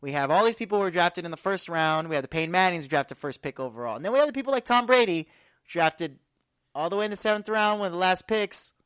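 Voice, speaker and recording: A woman's voice: on the low side, quick pace, fairly bright tone, clean tone, no echo. A woman in her twenties hosting a sports podcast, talking casually and rambling with fillers. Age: 20s. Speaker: podcast host.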